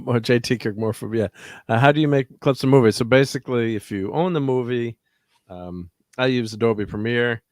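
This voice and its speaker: A middle-aged man hosting a casual livestream, laid-back and given to chuckling between thoughts. His voice sits low, and the sound is dry and close. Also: no echo. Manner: laid-back, chuckles often, lots of fillers. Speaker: host.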